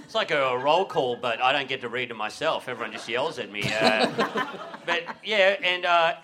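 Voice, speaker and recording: A man's voice: medium pitch, lively intonation, moderate pace, noisy background. An Australian man telling a rambling, sweary story at a live comedy podcast show, laughing through it. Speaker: guest comedian. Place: live venue before an audience.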